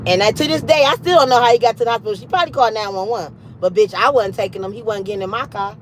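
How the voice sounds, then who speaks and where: A woman in her late thirties telling a story on a livestream in an animated, emphatic, foul-mouthed way. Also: on the high side, racing, slight background noise, poor audio. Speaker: livestream host.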